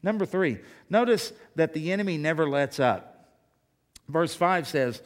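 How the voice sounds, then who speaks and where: A man's voice: a little high, lively intonation, measured pace. A male pastor preaching a sermon, emphatic and full of rhetorical questions.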